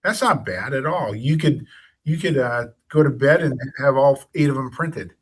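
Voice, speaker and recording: A man in relaxed, easygoing chat, often trailing off and restarting mid-thought. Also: mid-range voice, normal speed, husky. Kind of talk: casual chat.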